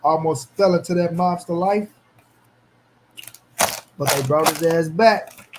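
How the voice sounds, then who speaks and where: Animated slangy man hosting a live stream. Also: fairly high pitch, slow, background noise. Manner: animated, slangy, talks back to chat. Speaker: boxing commentary channel host. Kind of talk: casual livestream chat.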